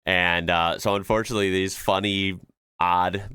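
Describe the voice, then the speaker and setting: Relaxed and prone to laughing, an American man from the United States hosts a reaction video, explaining things with plenty of fillers. His voice is low, clear, resonant and sharp, with fairly even intonation and a moderate pace. The clean studio recording has no echo.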